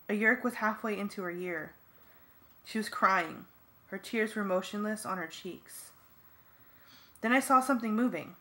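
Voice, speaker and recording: A woman's voice: mid-range voice, fairly bright tone. A woman giving earnest first-person narration for a fan audiobook.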